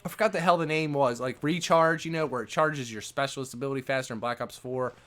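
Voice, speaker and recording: A man's voice: mid-range voice, fast. A man, a gaming YouTuber, ranting casually to his viewers in a loose, conversational way. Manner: animated, conversational, lots of "man" and "you know".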